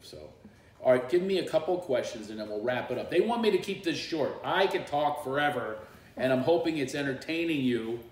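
A middle-aged man, a comedian, telling stories in casual chat on a live stream, animated and full of voices. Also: medium pitch, a little fast. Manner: animated storyteller, does voices and bursts into song. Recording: echoey room.

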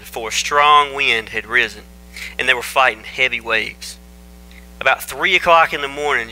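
A man preaches, his voice very bright and ringing. He talks to the congregation in a relaxed, folksy way, cracking jokes and telling the story like a chat. He speaks into a microphone in a church. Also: mid-range voice, rough recording. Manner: folksy, joking, conversational storytelling. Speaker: pastor. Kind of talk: casual folksy sermon. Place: church sanctuary.

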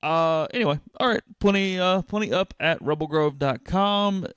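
Clear-voiced man co-hosting a sports podcast. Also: fairly high pitch, fairly bright tone, no room sound. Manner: brisk, plugs site content in a run-on way. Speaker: podcast co-host. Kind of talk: casual sports podcast chat.

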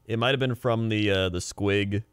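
A man's voice: fairly low pitch, fairly even intonation, moderate pace, clear, resonant tone, no room sound, studio quality. A man hosting a live stream, chatting casually while reacting to a video, telling stories and swearing freely. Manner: chatty, swearing, tells anecdotes. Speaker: streamer host.

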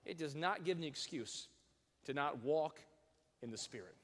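A male pastor giving a lively sermon, reading scripture with emphasis and leading the congregation to repeat phrases aloud. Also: fairly high pitch, normal speed. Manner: reads scripture in old-fashioned wording with rising emphasis. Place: large church sanctuary. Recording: long hall reverb.

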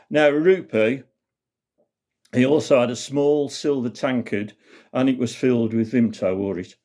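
Black country bloke spinning a funny yarn, chatty and homely. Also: male voice, medium pitch, a little slow, mellow. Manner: folksy, dialect-rich. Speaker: storyteller. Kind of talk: comic storytelling.

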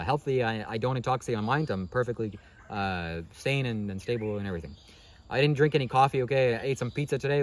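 Man, fast talker, rambling motivational monologue, rhetorical questions, keeps saying "okay?". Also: medium pitch. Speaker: spiritual vlogger.

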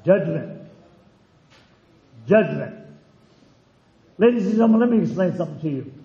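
A man's voice: high voice, expressive, racing, reverberant, dull audio. A man preaching a sermon as pastor in his church, emphatic and repeating phrases for weight.

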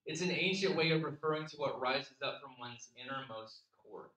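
A man's voice: mid-range voice, lively intonation, moderate pace, pushed and bright. A man preaching a sermon as pastor, talking in a conversational, earnest way and often repeating words as he thinks. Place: church sanctuary. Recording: roomy church reverb.

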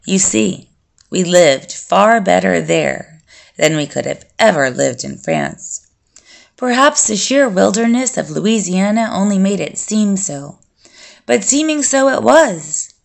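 A woman reading an audiobook, voicing a calm, brooding male vampire who speaks in a measured, collected and reflective way. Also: medium pitch, creaky, full character voice.

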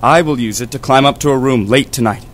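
A man's voice: mid-range voice, a little fast, natural voice. Man as young lover, earnest, school audiobook.

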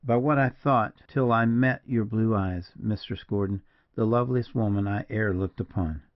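A man's voice: fairly low pitch, normal speed, muffled recording, lightly acted. A man reading as a kindly veteran frontier scout. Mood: warm, courtly.

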